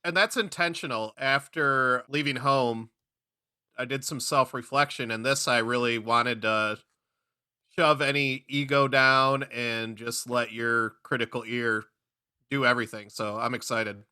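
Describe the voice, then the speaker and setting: A man with a strikingly bright, crisp, resonant voice offers short, dry-humored remarks in a casual podcast talk. The sound is close and dry. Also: mid-range voice, steady tone, unhurried, no room sound. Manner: brief, dry-humored interjections. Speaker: podcast co-host and songwriter.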